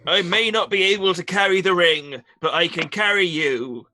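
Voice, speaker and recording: A man's voice: high-pitched, moderate pace, pushed and bright. A man voicing a brutish male warrior who speaks in simple, broken sentences about himself. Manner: simple broken speech, blustering.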